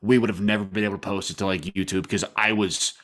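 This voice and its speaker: A man co-hosting a casual sports podcast, telling stories in an animated, laughing, exaggerated way. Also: lowish voice, fast. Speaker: podcast co-host.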